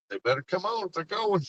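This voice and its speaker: A man's voice: high-pitched, no echo, highs cut off. An older man, chatting casually on a livestream while he drives on icy roads, teasing his passengers and talking to his chat. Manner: folksy, rambling, teasing, talks to chat and passengers. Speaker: livestream host. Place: inside a car on icy roads.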